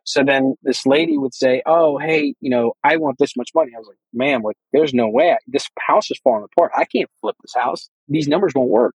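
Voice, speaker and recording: A man with a slightly husky voice tells his story in a relaxed interview. He rambles a little and slips into quoted dialogue as he goes. The sound is dry and close. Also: medium pitch, brisk, hardly any pauses, no echo, rough recording. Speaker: guest, real estate investor.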